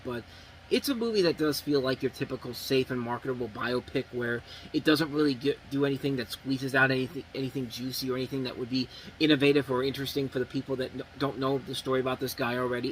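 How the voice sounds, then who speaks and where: A man's voice: mid-range voice, quick pace, a little hiss or hum, poor audio. A man reviewing movies in casual talk, blunt and rambling with many restarts.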